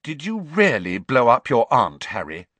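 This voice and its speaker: Picture a serious, studious teenage girl, as a male narrator puts her on, pitched well above his own voice. She speaks precisely and a little superior. The recording is dry and close. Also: very animated, normal speed, a bit bright, dry recording. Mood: earnest. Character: earnest bossy bookish teenage girl.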